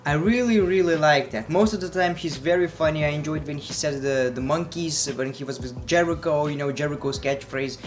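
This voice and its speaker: A man's voice: fairly high pitch, brisk, few pauses. A man reviewing wrestling in a blunt, sarcastic, profane way, casual vlog style.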